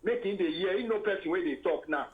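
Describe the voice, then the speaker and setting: A Nigerian man talks over a live phone video call in pidgin. His voice sits fairly high, and he sounds heated and accusing, hammering the same points again and again. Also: animated, fast talker, narrow, tinny audio. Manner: heated, accusing, repeats himself.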